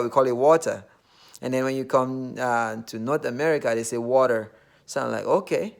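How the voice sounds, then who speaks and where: Earnest Nigerian man, gravelly voice. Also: mid-range voice. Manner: earnest, many fillers and restarts. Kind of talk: casual monologue.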